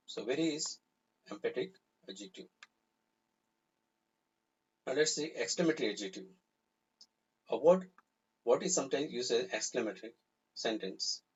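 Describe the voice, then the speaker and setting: A man teaches a live grammar class in a deeply husky, breathy voice. He explains patiently and repeats each example sentence. The recording sounds somewhat muffled and lo-fi. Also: animated, moderate pace, pauses often. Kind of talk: live online grammar lesson. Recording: slightly dull, lo-fi recording.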